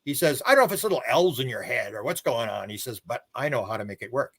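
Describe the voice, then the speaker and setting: A man's voice: animated, fast talker, husky. A man being interviewed on a live stream, telling long stories and acting out quoted dialogue. He chuckles now and then and restarts his sentences often. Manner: rambling, many restarts and repeated words; acts out quoted dialogue with a livelier pitch. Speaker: interview guest, author. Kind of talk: casual storytelling on a live stream.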